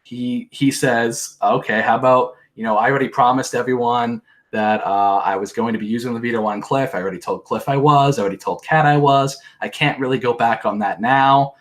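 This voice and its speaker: A man's voice: medium pitch, fairly even intonation, fairly quick, hardly any pauses. Rambling, exasperated young man podcasting. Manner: rambling, exasperated, mocking impressions. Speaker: podcast host. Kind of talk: casual recap commentary. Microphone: handheld podcast mic.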